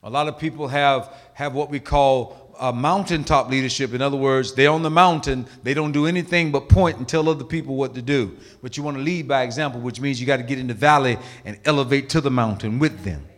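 Emphatic preaching man, bright voice. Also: mid-range voice, fairly quick, hardly any pauses. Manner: emphatic preaching with swings from loud to hushed. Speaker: pastor. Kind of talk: sermon.

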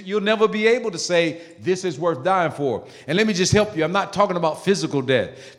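Preacher man in a reverberant hall. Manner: emphatic, swings from low murmurs to loud high bursts. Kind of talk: sermon.

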